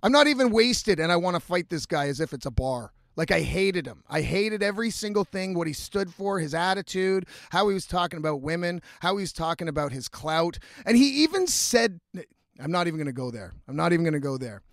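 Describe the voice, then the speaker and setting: A man telling a story in a casual, animated, heavily profane way, rambling as he goes. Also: high voice, brisk, vocal fry, hardly any pauses, no room sound, studio quality. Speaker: vlogger.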